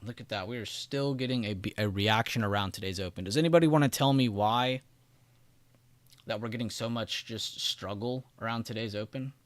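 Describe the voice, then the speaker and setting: A man's voice: fairly low pitch, a little fast, no echo. A man hosting a live trading stream, giving casual market commentary and chatting with viewers in the chat. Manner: casual, chatty, laughs often, talks to chat directly. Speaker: trading livestream host.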